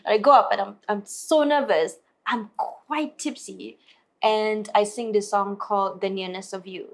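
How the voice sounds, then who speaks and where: Lively woman telling stories. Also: medium pitch, fairly quick. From Malaysia. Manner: lively, acts out other people's lines in put-on voices. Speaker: singer-songwriter guest. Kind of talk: storytelling in an interview.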